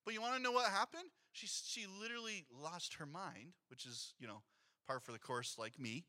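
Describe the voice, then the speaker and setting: A man's voice: sits high, moderate pace. A man in his thirties preaching a sermon as a pastor, telling a family story and acting out what people said. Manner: storytelling, animated, acts out quotes. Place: church sanctuary.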